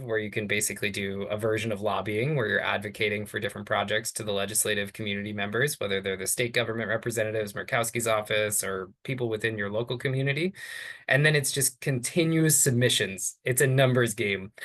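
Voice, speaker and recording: A man's voice: mid-range voice, a bit bright. Man, mid-range voice, casual, filler-heavy, webinar panel, video call. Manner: casual, lots of "kind of" and "right?". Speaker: cultural center fundraiser on a panel.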